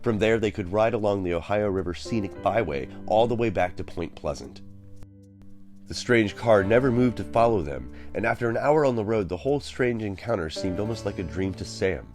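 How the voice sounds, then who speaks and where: A man reading a dramatic story aloud as narrator, with slow storytelling. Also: lowish voice, lively intonation, darkish tone, faint music behind. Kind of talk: audiobook narration.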